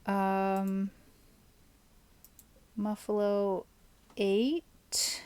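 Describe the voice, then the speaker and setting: Slow-talking woman streamer chatting. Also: medium pitch, flat delivery, darkish tone, smooth, no echo. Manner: chatty, musing aloud and answering chat. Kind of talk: casual live-stream chat while playing.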